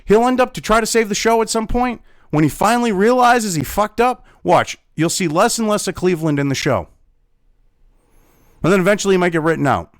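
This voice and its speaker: A man's voice: high voice, dry recording, clean studio sound. A man ranting angrily in a profane commentary video, talking as host.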